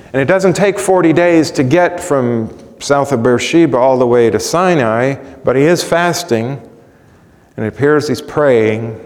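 A man preaching in a large hall, where his voice trails off in a long echo. He reads scripture with dramatic swings, booming on some lines and sinking to a near whisper on others. His pitch sits in an ordinary middle range. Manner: dramatic reading, swelling loud then dropping to a hush. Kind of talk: sermon with scripture reading.

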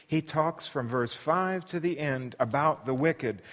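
Expressive preacher in an echoing hall. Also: male voice, on the high side, unhurried, few pauses. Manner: expressive, shifts into dramatic readings. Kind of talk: sermon.

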